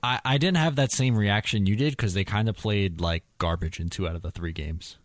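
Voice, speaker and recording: A man co-hosting a podcast in casual chat, teasing his co-host and quick to laugh. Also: on the low side, dry recording, studio quality.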